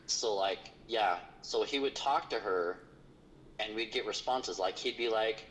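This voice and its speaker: A man's voice: medium pitch, moderate pace, a bit bright, slight background noise, poor audio. A man, a paranormal investigator, telling a story in casual conversation, rambling with lots of fillers.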